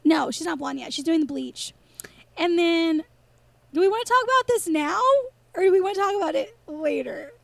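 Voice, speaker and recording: A woman's voice: very high voice, moderate pace, gravelly, no room sound. A chatty woman co-hosting a podcast, rambling and laughing as she recaps a TV episode in casual chat. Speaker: podcast co-host.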